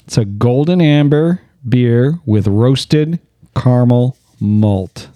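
A man's voice: mid-range voice, slow pace, mellow, dry recording. A man in a casual chat, telling laid-back stories and laughing at his own jokes.

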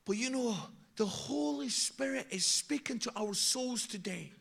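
A man's voice: very high voice, unhurried, gravelly, a bit bright. A man preaching a sermon, urging his listeners with repeated impassioned exhortations. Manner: impassioned, repetitive exhortations, acts out quoted voices.

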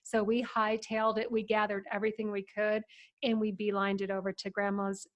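A middle-aged woman from Ohio hosting, telling family stories in a chatty, animated way with frequent laughter. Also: mid-range voice, a little fast, muffled recording. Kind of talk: casual storytelling.

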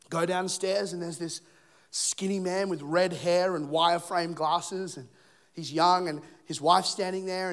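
High-voiced joking male preacher. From England. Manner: animated, joking, acts out scenes and voices. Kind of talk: storytelling sermon with humor. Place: church stage.

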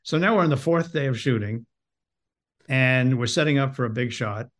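A man who hosts and directs, telling an anecdote in a halting, self-deprecating way and often repeating words. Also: medium pitch, a bit bright. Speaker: host and TV director.

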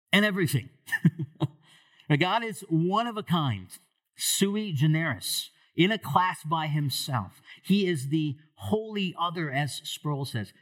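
A man serving as pastor preaches to the congregation, putting questions to them as he alternates between hushed, low delivery and raised, loud lines.

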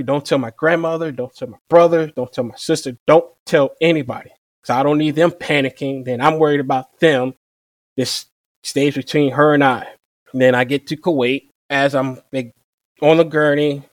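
A young man who served as a Marine, telling his story in a relaxed, conversational way and quoting people with "I'm like.". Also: on the high side, brisk, no room sound, clean studio sound. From Virginia. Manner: relaxed, repeats "I'm like" to quote himself. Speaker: interview guest, former Marine machine gunner.

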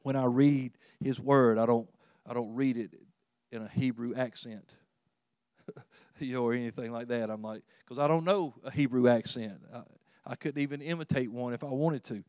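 A man's voice: normal speed, a little mellow, dry recording, studio quality. Earnest man preaching a sermon. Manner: conversational, earnest, with repeated restarts and sudden rises in pitch and volume. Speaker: pastor.

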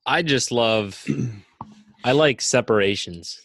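A man's voice: medium pitch, expressive, takes it slowly, fairly bright tone, no echo. A man co-hosting a podcast, speaking casually and hesitantly with many fillers. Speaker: podcast co-host.

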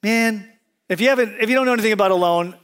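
A man with a high voice preaching from the pulpit, moving easily between prayer and joking stories. His delivery is conversational and animated, like he is talking with a room full of friends. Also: quick pace, smooth. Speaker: pastor. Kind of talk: sermon with prayer and humorous stories. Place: church sanctuary with congregation.

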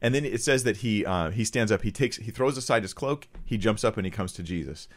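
Low-voiced man preaching casually. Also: lively intonation, a little fast. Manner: casual, acts out voices of the crowd. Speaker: pastor. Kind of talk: conversational sermon.

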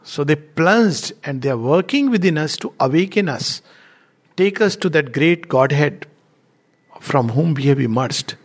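A man's voice: fairly high pitch, unhurried. A middle-aged man giving a spiritual lecture, telling stories with frequent laughter and acting out the people he quotes. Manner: animated, laughs often, acts out quoted speakers. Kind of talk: lecture with storytelling.

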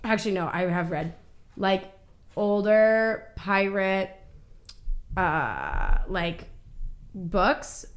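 A young woman co-hosting a podcast in casual chat, excitable and laughing often, swearing freely and acting out quotes. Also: mid-range voice, very slow, long pauses. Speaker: podcast co-host.

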